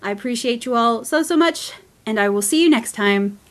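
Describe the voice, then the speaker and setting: A woman's voice: a little high, animated, normal speed. A woman hosting a podcast in casual chat, laughing often between lines. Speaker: podcast host.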